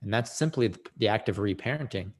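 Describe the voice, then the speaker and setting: A man's voice: lowish voice, lively intonation, fast. A man speaking as a podcast guest, explaining emotional healing in an earnest, explanatory way, rising sharply for emphasis. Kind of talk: reflective conversation on emotional healing.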